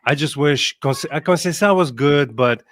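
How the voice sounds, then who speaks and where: A man hosts a casual football podcast, chatty and quick with a joke. His voice is mid-pitched, and the recording is dry, with little room sound. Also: a bit bright, no room sound. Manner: jokey and chatty. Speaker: podcast host.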